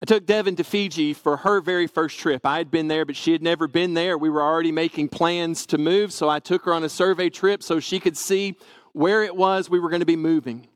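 A man's voice: fairly high pitch, steady tone, brisk, no room sound. A man from Tennessee, animatedly telling a personal story and acting out the dialogue. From Tennessee, USA.

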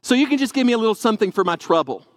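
A man's voice: high-pitched, animated, very fast, no echo. A man voicing a friendly but pushy male street vendor, eager at first and then insistent.

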